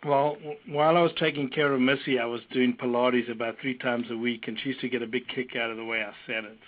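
A man who is a doctor, guesting on a radio talk show, gently self-deprecating. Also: medium pitch, flat delivery, quick pace. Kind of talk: casual radio chat. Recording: tinny phone line.

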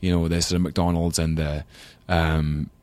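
A deep, level-toned voice, a little slow and a little mellow, with no echo, comes from an English actor with a London accent. He's a guest in a casual chat, rambling along in a self-deprecating way.

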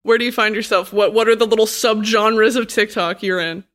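A woman from Texas hosting a casual interview, chatty and playful with quick questions. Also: mid-range voice, steady tone, fairly bright tone. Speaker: podcast host.

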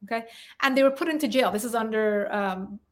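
A woman hosting an interview, brisk and affirming as she speaks. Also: a little high. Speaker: host. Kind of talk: interview talk.

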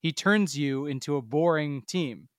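A man's voice: a little high, unhurried, no echo, clean studio sound. A man co-hosting a casual sports podcast, emphatic and mocking, swearing freely. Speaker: podcast co-host.

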